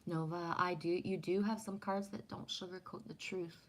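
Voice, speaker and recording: A woman from Canada with a slightly low voice, talking loosely and profanely to her livestream chat. She rambles from story to story and answers comments as she goes. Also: fairly even intonation, moderate pace, low-quality recording. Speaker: livestream host.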